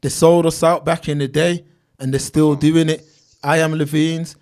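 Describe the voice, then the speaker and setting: A man's voice: on the high side, level tone, moderate pace, darkish tone. A man, hosting a casual livestream and reading viewers' names and comments aloud in street slang. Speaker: livestream host reading chat.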